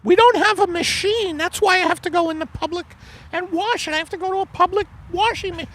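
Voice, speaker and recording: A man voicing a pushy middle-aged wife in a high squealing falsetto. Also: fairly quick, fairly bright tone. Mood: shrill nagging. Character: shrill nagging middle-aged wife Margaret.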